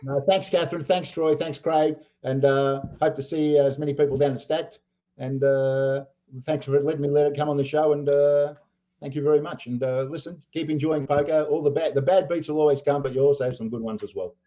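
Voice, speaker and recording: An older Australian man, a poker player, telling animated anecdotes full of acted-out quotes. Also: on the high side, brisk, lo-fi sound. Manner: animated storyteller acting out quotes, laughing. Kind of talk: storytelling anecdotes.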